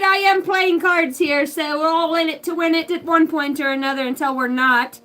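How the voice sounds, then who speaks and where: Woman, 30s, psychic medium on a casual live reading; high-pitched, rambling and profane, loud bursts then soft asides. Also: moderate pace, hardly any pauses, soft background music.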